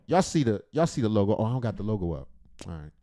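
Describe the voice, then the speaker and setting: Livestream host, adult man, lively rambling joker, pitch jumps around a lot. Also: fast. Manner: playful and rambling, joking then earnest. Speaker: livestream host reacting to videos. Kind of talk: casual livestream chat.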